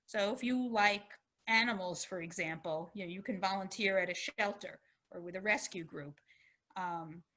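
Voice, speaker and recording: This is a woman physician delivering a public lecture on health. Her voice is bright and forward. She explains in a friendly, conversational way, now and then slipping into a short personal story. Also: medium pitch. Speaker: physician giving a health talk.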